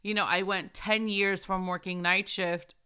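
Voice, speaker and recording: Bright-voiced woman hosting a faith chat. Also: mid-range voice, a little slow, clear, resonant tone. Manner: lively, laughs often, animated retellings. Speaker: host of a Christian ministry video show. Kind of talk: casual heartfelt chat. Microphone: microphone in front of her.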